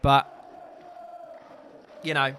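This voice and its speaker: A man casually commentating his own football video game, frank and quick to swear when frustrated. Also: sharp tone, raised voice, a faint crowd, slight background noise. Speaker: gaming content creator. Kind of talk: casual live gameplay commentary.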